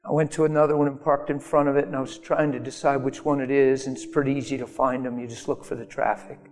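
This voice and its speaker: A man tells stories while preaching a sermon, speaking emphatically and rising to sudden bursts. His mid-range voice is a little mellow, quick and fairly flat in pitch, and the recording has long hall reverb and faint music.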